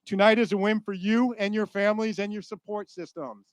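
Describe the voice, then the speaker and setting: A man giving an energetic graduation speech at a school ceremony, rallying and joking with the graduates. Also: high voice, fairly quick, no room sound.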